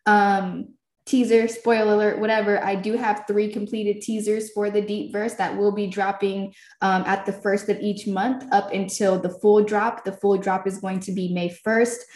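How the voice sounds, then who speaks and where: A woman's voice: mid-range voice, flat delivery, moderate pace, darkish tone. A woman telling a story in loose, profane casual talk, laughing along the way. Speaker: filmmaker and podcast creator. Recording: roomy echo.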